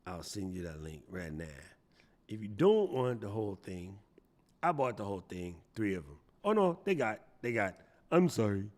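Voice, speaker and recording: This livestream host has a fairly low, darkish voice with big pitch swings and a moderate pace. He banters playfully on a casual stream, reads the chat out loud to answer viewers, and slips into joke voices.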